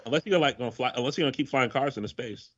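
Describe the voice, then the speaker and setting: Male co-host, rapid slangy banter, lively pitch, dull lo-fi audio. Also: slightly rough, dry recording. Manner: fast, slangy, joking rants. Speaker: podcast co-host. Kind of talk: casual chat.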